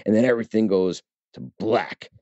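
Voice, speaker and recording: A man's voice: lowish voice, fairly even intonation, moderate pace, warm tone, dry recording. A man giving a chatty, casual film review, talking straight to his viewers with many fillers and restarts. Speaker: movie reviewer. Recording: dull, lo-fi dry recording.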